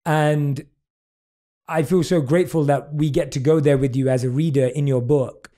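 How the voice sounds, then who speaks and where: A man's voice: fairly high pitch, steady tone, mellow. A British man hosting a podcast, talking earnestly and effusively with his guest. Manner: earnest, effusive, reads passages aloud slowly. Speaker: podcast host. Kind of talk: warm conversational interview.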